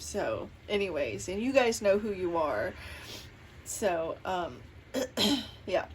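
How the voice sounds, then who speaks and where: Slow, soft-spoken woman. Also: medium pitch, sing-song, slight background noise. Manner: soft, halting, many fillers. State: tearful. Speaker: tarot reader. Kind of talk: casual chat to camera, then spoken prayer. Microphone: camera mic.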